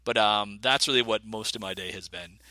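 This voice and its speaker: A man's voice: on the low side, brisk, no echo. An American man, a guest game designer, talking casually in an interview and rambling with many restarts. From United States. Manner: rambling with many restarts, lively when excited.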